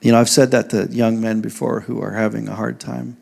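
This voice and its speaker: A male pastor giving a sermon, reading scripture slowly and telling joking, conversational stories to his church. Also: fairly low pitch, level tone, gravelly, a little mellow. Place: church service.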